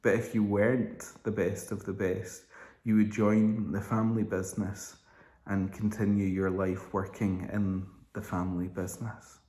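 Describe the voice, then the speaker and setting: A man in his thirties, giving a calm devotional reflection in a slow, gentle way with small restarts. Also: lowish voice. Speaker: church member giving a devotional. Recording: roomy echo.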